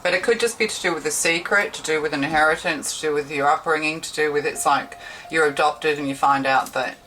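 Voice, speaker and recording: A woman's voice: low voice, a little fast, fairly bright tone. A woman giving a casual tarot reading, chatty and rambling, often correcting herself mid-sentence. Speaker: tarot reader. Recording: slightly distant mic with faint background hiss.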